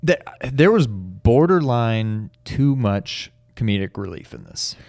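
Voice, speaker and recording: A man's voice: on the low side, sing-song, takes it slowly, vocal fry, a little mellow, no echo. Easygoing man musing on a dry mic. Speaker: video game podcast co-host. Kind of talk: casual review chat.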